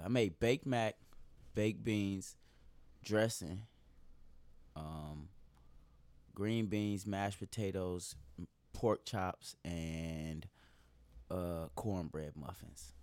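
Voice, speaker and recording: A man's voice: sits low, creaky, a little mellow, no echo. A man hosting a casual podcast, laid-back and swearing freely as he tells stories. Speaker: podcast host.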